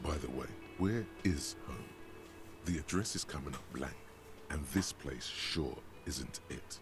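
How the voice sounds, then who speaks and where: A man voicing the inner narrator of a detective's mind, measured, clinical and wry. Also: extremely low pitch, reverberant, over music. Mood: narrating.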